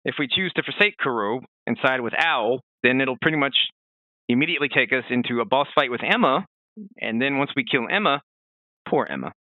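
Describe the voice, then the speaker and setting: A man co-hosting a casual podcast, chatting in an animated way with many fillers and restarts. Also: medium pitch, fairly quick, no room sound, phone-quality sound. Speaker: podcast co-host.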